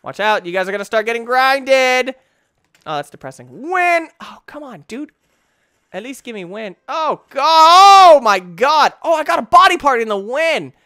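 A man giving goofy let's play commentary, talking to the game and bursting into shouts when things go wrong. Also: very high-pitched, lively intonation, normal speed, smooth, no echo, clean studio sound.

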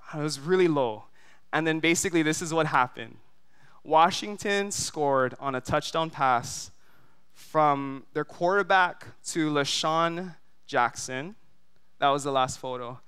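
A man's voice: fairly high pitch, takes it slowly, pauses often, fairly bright tone, smooth. A man from Hawaii preaching a sermon, telling a long story full of fillers and often asking the crowd "right?". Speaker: pastor. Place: church service.

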